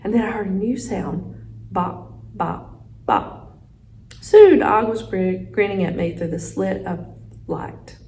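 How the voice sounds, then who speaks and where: Expressive woman reading a children's book. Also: mid-range voice, measured pace, a little hiss or hum, rough recording. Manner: expressive storytelling. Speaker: teacher reading aloud.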